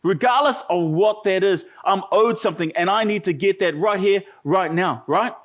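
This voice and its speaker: A man's voice: high-pitched, moderate pace. A man with a New Zealand accent preaching a sermon, telling a humorous story with chatty asides to the congregation. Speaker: pastor.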